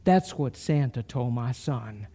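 A middle-aged man preaching a sermon, telling a story slowly and earnestly with soft pauses before leading a prayer. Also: medium pitch, animated. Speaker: pastor.

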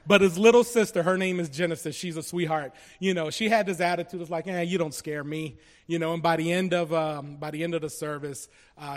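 A man from Colombia giving an earnest, halting personal testimony to a church congregation, with many restarts. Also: on the high side. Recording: long reverb of a large hall.

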